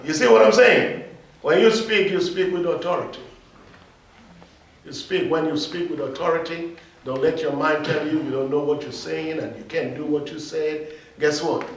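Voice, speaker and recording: A man's voice: fairly high pitch, fairly even intonation, normal speed, a little hiss or hum. A male pastor preaching a sermon, emphatic and leading his congregation in call-and-response. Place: church. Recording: echoey hall, mic from far off.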